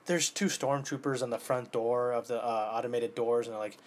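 A man in his twenties talking casually in an animated way, swearing often and swinging between loud outbursts and near-whispers. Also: medium pitch, a little fast. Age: 20s. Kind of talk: casual monologue.

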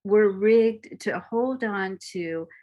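A woman meditation teacher giving a dharma talk, slow, gentle and reflective, with soft pauses. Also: mid-range voice, dull audio.

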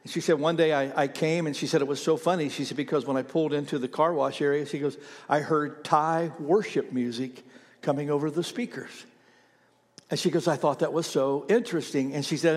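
A man preaching a sermon as pastor, telling a story conversationally with frequent fillers and pauses. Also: on the high side, long reverb tail.

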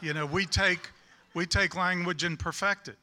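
Southern man preaching, high and very bright voice, folksy and rambling. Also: fairly even intonation, moderate pace, a little hiss or hum. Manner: folksy, rambling, with self-deprecating humor. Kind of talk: sermon.

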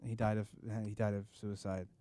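A man hosting a podcast from a studio. He chats casually in an excitable, jokey way and often stumbles and restarts. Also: lowish voice, fairly quick, no echo. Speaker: podcast host. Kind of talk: casual chat. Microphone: studio microphone.

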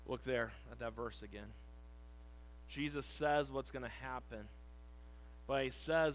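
A male pastor preaching a sermon, reading scripture slowly and shifting between loud emphasis and quiet. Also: medium pitch, slight background noise, rough recording.

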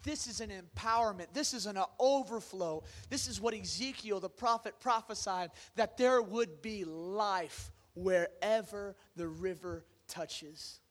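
A man preaching a sermon to a congregation, asking them questions and swinging from loud bursts down to hushed near-whispers. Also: high-pitched, measured pace, hardly any pauses. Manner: conversational, asks the congregation questions. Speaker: pastor.

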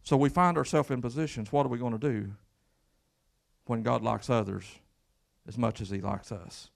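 A man's voice: mid-range voice, moderate pace, vocal fry. A man preaching a sermon as pastor, folksy and emphatic, with repeated words and call-outs to the congregation. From Kentucky.

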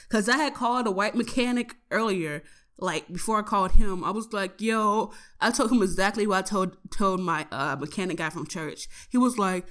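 A young woman, a college student, tells a profane story about her day in a casual audio diary, animated and laughing as she goes. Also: medium pitch, brisk. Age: young adult.

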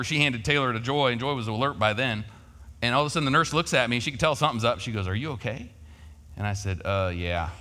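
A man's voice: mid-range voice, pushed and bright, big-room sound. A man preaching a sermon, telling a personal story in a folksy, conversational way. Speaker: pastor.

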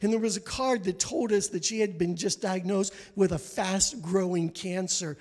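High-voiced preacher in a reverberant church. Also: male voice, steady tone, moderate pace. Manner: dramatic, acts out the people in his stories, rising to near shouting. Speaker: guest preacher. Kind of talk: sermon storytelling. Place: church sanctuary.

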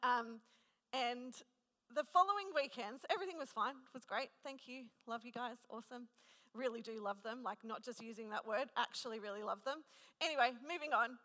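A woman's voice: fairly high pitch, moderate pace, pushed and bright. A woman in her thirties preaching a conversational sermon, telling a personal story in a chatty, self-deprecating way. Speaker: preacher at a women's gathering. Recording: long hall reverb.

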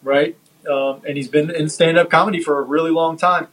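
A man co-hosting a casual podcast chat, talking haltingly with many fillers and restarts. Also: fairly high pitch, fairly even intonation, a bit bright, low-quality recording. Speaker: podcast co-host. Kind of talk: casual chat reviewing a comedy special.

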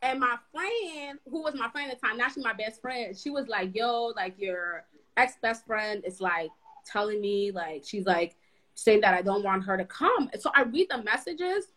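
Animated bright-voiced young woman. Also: a little high, moderate pace, low-quality recording. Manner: animated storytelling, acting out quotes. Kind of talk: casual chat.

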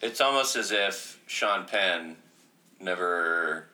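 A man's voice: deep voice, animated, slow, pushed and bright. A man co-hosting a podcast, chatting casually with dry, crude humor. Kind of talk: casual chat.

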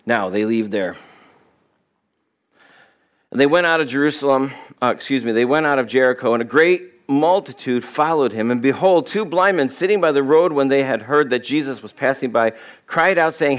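A male pastor giving a sermon in a loose, conversational way, often acting out quoted voices with sudden jumps up in pitch. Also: normal speed.

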